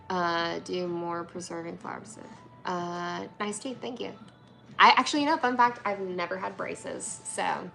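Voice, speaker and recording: A woman's voice: fairly low pitch, vocal fry, fairly bright tone. A woman hosting a casual livestream from her workshop, chatty and bubbly, reading viewer comments aloud and laughing often. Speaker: livestream host, flower preservation business owner.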